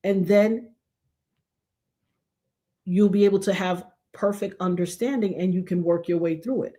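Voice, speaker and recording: A middle-aged woman hosting a live talk show, giving emphatic, folksy relationship advice to her chat and now and then dropping to a near hush. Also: fairly low pitch, fairly even intonation, unhurried. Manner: emphatic, preachy, folksy, drops to a hush for effect. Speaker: livestream talk show host.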